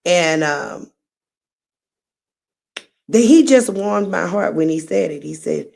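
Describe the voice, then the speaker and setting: Slow-talking woman livestream host. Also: on the low side, animated, creaky. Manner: chatty, warm-hearted, meandering storyteller. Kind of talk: casual livestream chat.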